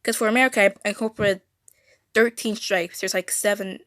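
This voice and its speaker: Teen girl streamer, mid-pitched, rambling and stuttering, dry close sound. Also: steady tone, normal speed, pauses often, fairly bright tone, no echo. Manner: rambling, stuttering, self-correcting. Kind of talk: casual drawing livestream chat. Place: home room.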